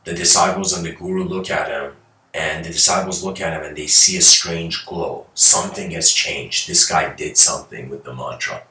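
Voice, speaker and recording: A man with a slightly low, forceful voice tells a spiritual story in a lecture. He rambles and restarts as he goes. The room echoes, and he stands away from the mic. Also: moderate pace, distant mic. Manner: rambling, with many fillers and restarts, and animated.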